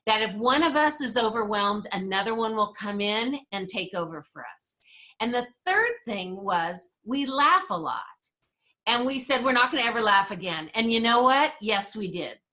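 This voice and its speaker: Bright-voiced woman telling personal stories. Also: on the high side, expressive, measured pace. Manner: personal storytelling, upbeat and conversational. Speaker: resilience workshop presenter. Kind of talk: talk to a group with slides.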